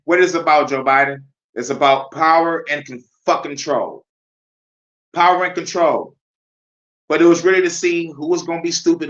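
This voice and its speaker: Vlog host, male, heated profane rant, tense and bright, lo-fi sound. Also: a little high. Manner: profane, heated and animated, laughing often. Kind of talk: ranting commentary. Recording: dull lo-fi sound.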